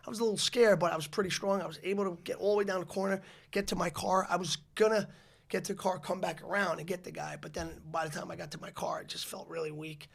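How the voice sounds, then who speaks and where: A man's voice: high voice, fairly even intonation, fast talker, creaky. A man, a podcast guest telling a long story in a rambling way, with many restarts and fillers. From the Bronx, New York City. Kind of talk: casual storytelling interview.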